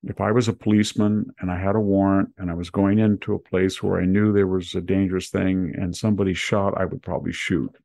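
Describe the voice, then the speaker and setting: A man's voice: low-pitched, level tone, brisk, vocal fry, few pauses, darkish tone, no room sound. A man hosting a casual news roundup, talking in rambling personal anecdotes. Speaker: podcast host.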